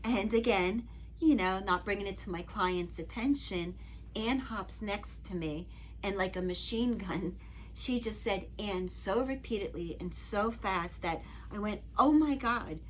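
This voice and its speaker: A middle-aged woman and Reiki master telling personal stories to camera in an earnest, gentle, chatty way. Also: medium pitch, a little slow, a little hiss or hum. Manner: earnest, gentle, chatty with frequent "you know". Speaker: Reiki master and spiritual teacher.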